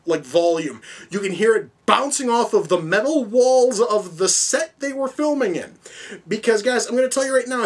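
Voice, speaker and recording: Guy with a high voice ranting about a movie, swears a lot, rambles. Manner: profane, exasperated, rambling. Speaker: film reviewer. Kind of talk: casual ranting review.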